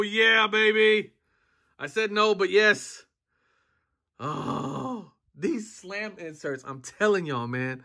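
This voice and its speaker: A man in his thirties giving excited, casual commentary while opening trading card packs, often repeating himself and breaking into cheers. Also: mid-range voice.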